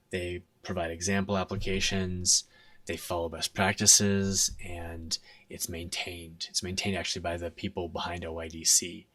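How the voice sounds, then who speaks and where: A man's voice: sits low, fairly bright tone, no echo, recorded from a distance. A man explaining a technical topic at a conference in a conversational way, often checking in with "right?". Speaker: conference speaker.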